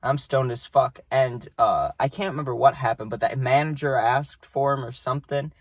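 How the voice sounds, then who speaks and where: A man's voice: medium pitch, moderate pace, dry recording. A young man telling a story about his job in a casual, rambling way, swearing freely.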